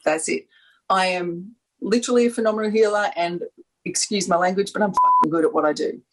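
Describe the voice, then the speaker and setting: A woman's voice: medium pitch, wildly swooping pitch, fairly quick, a bit bright, poor audio. A woman with an Australian accent, chatting enthusiastically on a panel, rambling and laughing often. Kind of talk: casual chat.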